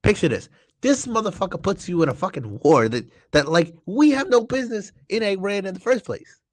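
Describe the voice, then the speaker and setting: A young man on a political talk show in an agitated, profane rant that stumbles over restarts. His voice sits fairly high and swings up and down widely. The sound is close and dry, with no room echo. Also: animated, fairly quick. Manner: agitated, swearing, stammering restarts.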